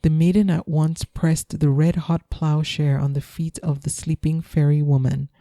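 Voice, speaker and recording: A woman reading a folktale aloud in a calm, soothing bedtime manner. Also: sits low, normal speed, dry recording. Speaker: storyteller.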